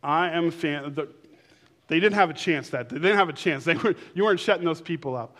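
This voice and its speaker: A man with a high-pitched voice delivers a sermon in a church sanctuary. He preaches in a casual, conversational way and builds to excited shouts. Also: brisk. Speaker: pastor.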